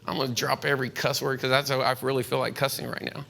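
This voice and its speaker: A man's voice: medium pitch, level tone, quick pace, creaky, sharp tone. A man giving a casual talk to a room of real estate agents, rambling with many fillers and restarts, candid and chatty. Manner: chatty and candid, slips into slang.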